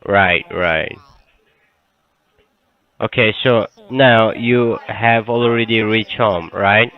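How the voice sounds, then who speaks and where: A man's voice: lowish voice, very slow. A man working as a phone scammer, reading a formal call-center script over the phone. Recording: tinny phone line.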